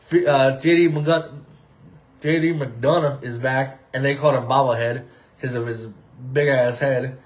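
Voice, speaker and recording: Rambling casual man, fairly high voice. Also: low-quality recording. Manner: rambling, many fillers and restarts, upbeat asides. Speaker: podcast host. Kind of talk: casual solo wrestling podcast rambling.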